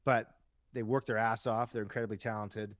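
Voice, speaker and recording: A man's voice: on the low side, flat delivery, a little fast, no echo. Chatty rock musician man, dry sound. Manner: chatty storyteller who keeps asking "right?"; swears casually. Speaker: podcast guest, rock musician. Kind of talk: casual chat.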